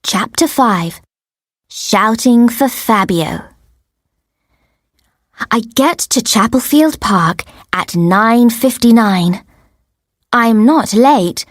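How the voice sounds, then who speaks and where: A woman narrating a simple first-person story for English learners in a clear, deliberate way. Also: fairly high pitch, no room sound, clean studio sound. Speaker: audiobook narrator.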